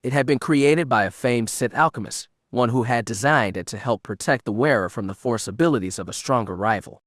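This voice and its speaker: A man narrates an audiobook in a steady, measured way. His voice sits at a middle pitch. The recording is dry and close, with no echo.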